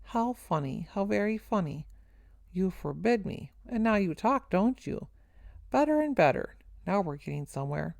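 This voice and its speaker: A woman's voice: medium pitch, sing-song, normal speed, gravelly, darkish tone, no echo, clean studio sound. A woman reading aloud, voicing a menacing adult male soldier who coaxes and barks at children. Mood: mocking. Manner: wheedling then barking, mocking.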